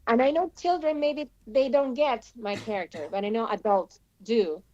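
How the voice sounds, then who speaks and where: Actress guest on a radio show, lots of uh and um, a bit high, dull dry sound. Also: female voice, dark tone. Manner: halting, with many fillers. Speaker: actor playing the evil queen.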